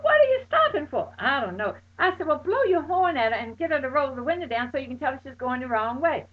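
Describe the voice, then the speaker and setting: High-voiced woman telling a wild story. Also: expressive, fast. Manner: exclaims loudly, acts out friends' voices. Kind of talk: animated personal anecdote. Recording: dull lo-fi recording.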